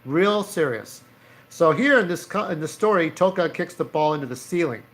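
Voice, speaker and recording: A man's voice: fairly high pitch, expressive, normal speed, fairly bright tone. A man casually narrating his own comic strip, rambling and profane, with lots of fillers. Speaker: comic creator. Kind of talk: casual storytelling over his drawings.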